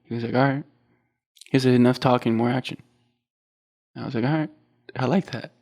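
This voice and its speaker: A man's voice: medium pitch, brisk. A young man on a podcast, a college athlete who tells his story casually and acts out what he and others said. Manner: relaxed, quotes himself and others in a storytelling way. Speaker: athlete guest.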